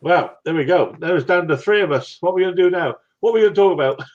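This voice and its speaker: West Country man, late sixties, blunt chatty host, slightly high voice, lo-fi sound. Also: fast. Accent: West Country English. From England. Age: 60s. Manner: blunt, chatty, chuckles often. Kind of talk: casual chat.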